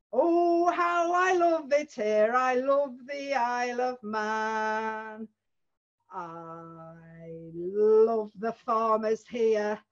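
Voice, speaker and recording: Jolly male cartoon postman voiced by a woman, sing-song and slow, over a dull video call line. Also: high voice, gravelly, full character voice. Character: cheerful male cartoon postman, friendly, singing.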